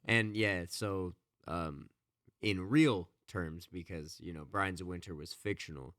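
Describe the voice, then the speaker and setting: On a podcast, a co-host with a very low but fairly bright voice casually retells a book, rambling with lots of "you know" and "like", fillers and restarts. He's unhurried, and the sound is close and dry with no echo.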